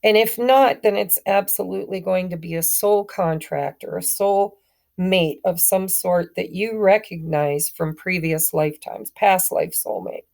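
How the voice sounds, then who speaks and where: Woman doing a tarot reading, slow and kinda gravelly, rambly, fixes her words a lot. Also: on the low side, a little mellow. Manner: chatty, stumbling, self-correcting. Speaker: tarot reader. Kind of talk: casual tarot reading to camera.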